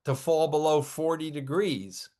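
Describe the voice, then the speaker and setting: A man as a guest weather expert on a podcast, explaining conditions in a measured, informative way and citing station figures. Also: fairly high pitch, a little mellow. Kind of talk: conversational explanation.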